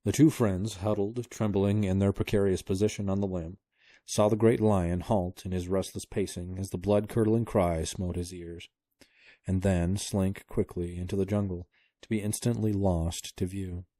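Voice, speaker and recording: A man reading a book aloud to his kids, telling the story at a steady pace. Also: deep voice, moderate pace, dry recording, studio quality.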